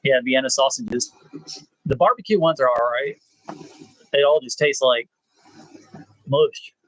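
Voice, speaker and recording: A man, hosting a rambling live chat with viewers, pausing often with "uh". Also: medium pitch, fairly bright tone, dry recording, poor audio. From South Texas. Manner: laid-back, rambling, frequent "uh" pauses. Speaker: channel host.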